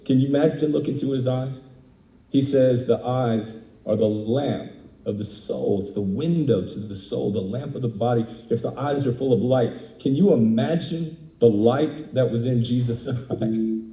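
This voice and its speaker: A man giving an interactive sermon as a guest speaker, acting out dialogue in animated character voices. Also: medium pitch, a little slow, reverberant, recorded from a distance, poor audio. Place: indoors, speaking remotely at a screen.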